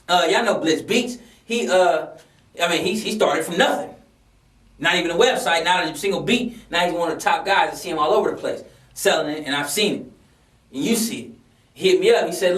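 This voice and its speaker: Impassioned high-voiced man in an echoey room. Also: fairly bright tone. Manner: impassioned, preachy, emphatic with repetition. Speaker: music business mentor. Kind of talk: motivational rant to camera. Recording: roomy sound from a distant mic.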